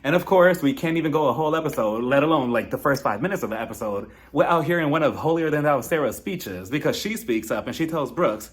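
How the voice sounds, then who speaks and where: Sassy guy ranting about a tv episode, bouncy lively pitch, kinda high. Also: quick pace, hardly any pauses. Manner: animated, sassy, mocking. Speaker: TV show reviewer. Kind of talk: casual commentary.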